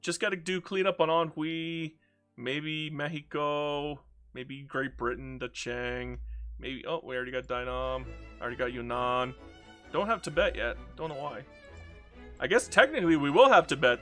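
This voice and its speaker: A man giving casual, excitable commentary over his strategy game, swinging between loud exclaiming and low mumbling. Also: moderate pace, faint music behind.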